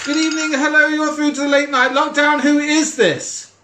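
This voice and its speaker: A man hosting a crude late-night call-in show from home, deadpan and mocking. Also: very high voice, moderate pace. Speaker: host. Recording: echoey room.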